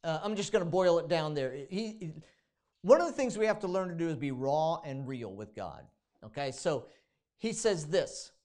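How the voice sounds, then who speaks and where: A man's voice: a little high, animated, moderate pace, a little mellow. Male pastor, informal sermon delivery with frequent restarts, dramatizes prayers in a raised voice.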